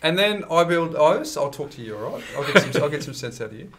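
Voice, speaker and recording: A man's voice: on the high side, big pitch swings, fast talker, crowd noise. Chatty Australian man co-hosting a podcast. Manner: chatty, laughing, playful teasing. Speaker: podcast co-host. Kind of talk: casual banter on a finance podcast.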